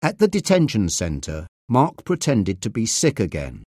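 A man reading a story aloud as narrator, slowly, clearly and deliberately. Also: on the low side, huge pitch swings, darkish tone, no echo, clean studio sound. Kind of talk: scripted narration of a graded reader.

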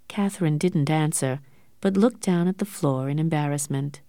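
A woman narrating an audiobook in a clear, measured storytelling manner. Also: sits low, mellow, no room sound, studio quality.

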